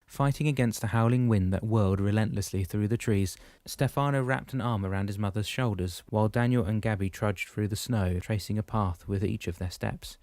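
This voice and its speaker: Male narrator, steady storytelling, low mellow voice, dry close recording. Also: brisk, hardly any pauses, dry recording. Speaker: audiobook narrator. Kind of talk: scripted narration.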